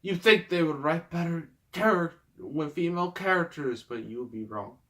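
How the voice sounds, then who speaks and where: A man's voice: fairly high pitch, expressive, normal speed, a bit bright. A man hosting a casual movie review rant, exasperated and rambling, often breaking into laughter. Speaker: movie reviewer, host of the show.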